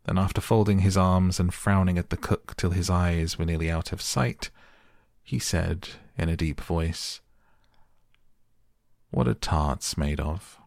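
A man calmly and slowly narrating a storybook to help listeners sleep. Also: low voice, creaky, no room sound, studio quality. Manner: calm, slow, soothing. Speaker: audiobook narrator. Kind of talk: soft bedtime storybook reading.

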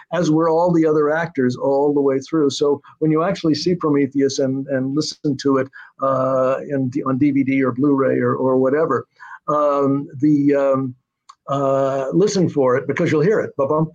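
An older male screenwriter recalling his work in a relaxed interview, rambling with many fillers and restarts. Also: mid-range voice, normal speed. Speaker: screenwriter and producer guest. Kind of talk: conversational interview storytelling. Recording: muffled lo-fi audio.

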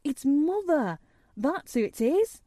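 A woman reading aloud, voicing a cheerful, simple country boy with a who sings a hymn high and slow. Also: lively intonation, dark tone, no echo, clean studio sound. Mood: excited.

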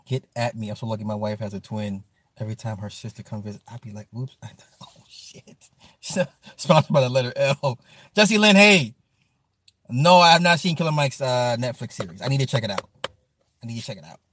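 A man hosting a livestream who chats casually with his viewers, animated and profane, laughing often and answering them by name. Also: medium pitch, a little fast, no echo. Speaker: livestream host. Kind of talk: casual stream chat.

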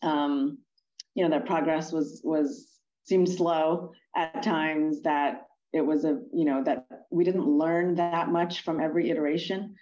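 Low-voiced woman, halting interview guest. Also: fairly even intonation, dark tone, dull audio. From Pennsylvania, US. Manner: thoughtful, halting, many fillers and restarts. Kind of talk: conversational interview answers.

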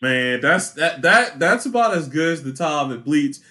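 A man co-hosting a podcast in casual chat, animated and hyped, laughing often. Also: on the high side, moderate pace. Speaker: podcast co-host.

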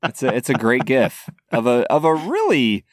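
A man's voice: medium pitch, huge pitch swings, moderate pace, no room sound, clean studio sound. Easygoing man in casual podcast chat. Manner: easygoing, laughs often. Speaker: podcast co-host. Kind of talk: casual chat about films.

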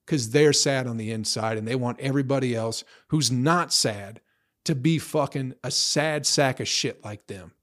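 A man's voice: medium pitch, normal speed, fairly bright tone. A young man in a profane, rambling casual rant, blunt, tossing in "bro" and "you know" often. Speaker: vlogger.

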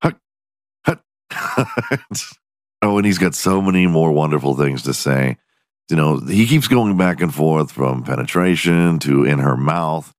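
A man's voice: extremely low pitch, moderate pace, no room sound, studio quality. A man hosting a podcast, giving crude comedic commentary, swearing freely and laughing often as he mocks a clip. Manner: profane, laughing often, mocking. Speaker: podcast host.

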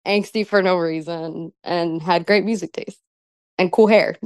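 A woman's voice: fairly low pitch, fairly even intonation, a little slow, darkish tone, clear, resonant tone, no room sound. A young woman being interviewed, chatting casually, laughing often and filling her talk with "like". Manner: giggly, lots of "like" fillers. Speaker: pro wrestler guest.

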